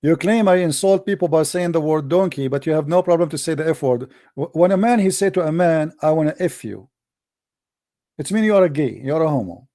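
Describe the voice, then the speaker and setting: In a heated live-stream debate, a Middle Eastern host whose first language is Arabic speaks in a fairly quick, animated, mellow voice on the higher side. He's combative and mocking, with blunt insults.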